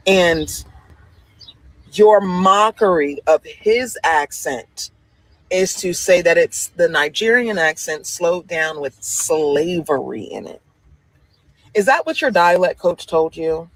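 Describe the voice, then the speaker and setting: Indignant high-voiced man firing questions. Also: a bit bright, no room sound, rough recording. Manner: indignant, profane, rhetorical questions. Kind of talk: angry commentary clip.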